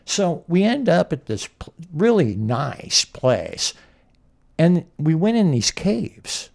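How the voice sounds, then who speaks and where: A man's voice: a little high, big pitch swings, slow, creaky, darkish tone. A man from California hosting a casual interview, telling rambling anecdotes and acting out quotes with little laughs. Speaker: podcast interviewer.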